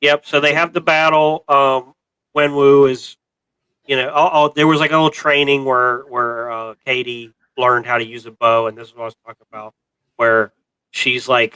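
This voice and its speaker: A man's voice: mid-range voice, flat delivery, moderate pace, pushed and bright, clear, resonant tone, dry recording, low-quality recording. A man co-hosting a casual movie review chat, rambling with many fillers and restarts. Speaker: co-host of a pop culture show.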